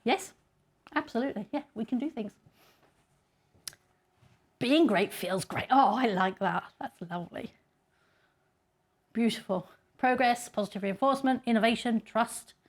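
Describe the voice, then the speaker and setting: A woman's voice: a little high, unhurried, pauses often. Chatty woman giving a talk. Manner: chatty, self-deprecating, laughs often. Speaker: conference speaker. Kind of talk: casual conference talk.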